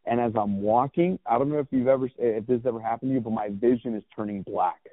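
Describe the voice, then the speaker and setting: Speaking fast at a medium pitch, a man in his thirties, a clothing brand founder appearing as a guest, shares a personal story. His telling is candid and rambling, with many restarts and curse words, over a dry, tinny, phone-like recording.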